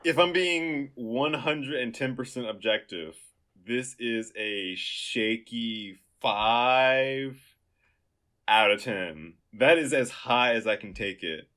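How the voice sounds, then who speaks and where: A man co-hosting a podcast in casual chat, excitable and rambling with lots of filler words. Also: medium pitch, slow. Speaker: podcast co-host.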